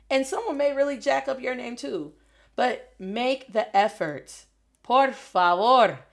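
Lively woman teaching with slangy storytelling. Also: medium pitch. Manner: animated, lively, slangy, mixes in Spanish phrases. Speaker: Spanish teacher. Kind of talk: casual spoken lesson with storytelling.

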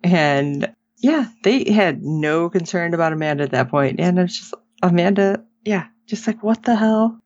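A woman's voice: fairly low pitch, measured pace, dry recording. A woman co-hosting a casual podcast, retelling a TV episode with laughter and acted-out quotes. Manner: animated retelling, acts out quotes, laughs often. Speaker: podcast co-host recapping a TV episode. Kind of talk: casual chat. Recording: dull lo-fi sound.

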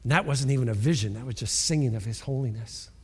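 A man preaching a sermon, reading scripture and explaining it, with bursts of shouted repeated words. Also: mid-range voice, fast, slightly rough, big-room sound. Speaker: pastor.

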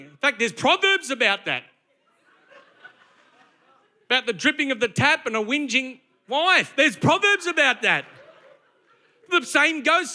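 Man, sermon, very high voice, bright tone, emphatic conversational delivery. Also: sing-song, a little slow, long pauses. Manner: emphatic, conversational preaching with acted asides. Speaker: preacher.

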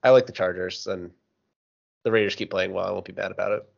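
A man's voice: low voice, steady tone, quick pace, creaky, lo-fi sound. A man in a casual sports podcast, loosely recapping a football play with plenty of swearing.

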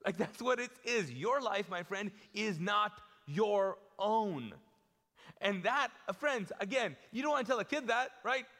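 A man's voice: sits high, lively intonation, a little slow, fairly bright tone, in a large hall. A man preaching a live sermon as a pastor, talking casually and acting out the lines he quotes. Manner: conversational, playful, acts out quotes with shifting tone. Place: church auditorium.

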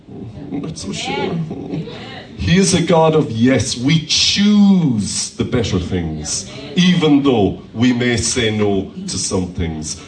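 A man preaching a lively sermon as pastor in a church hall, calling out hallelujahs. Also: medium pitch. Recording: echoey church hall from far off.

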